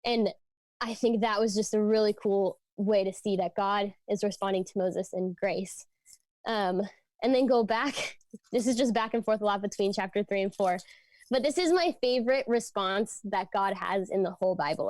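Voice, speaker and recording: A woman's voice: mid-range voice, normal speed, darkish tone, dry recording. Young woman giving a chatty youth talk. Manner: conversational, frequent fillers like "like" and "um"; earnest, teaching from scripture. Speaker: youth ministry speaker. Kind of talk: casual youth sermon.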